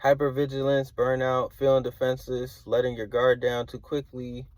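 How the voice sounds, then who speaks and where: A man's voice: mid-range voice, completely flat delivery, moderate pace, a little mellow, no echo. Rambling casual man reading tarot. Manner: rambling and hedging, slangy filler talk. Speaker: tarot reader.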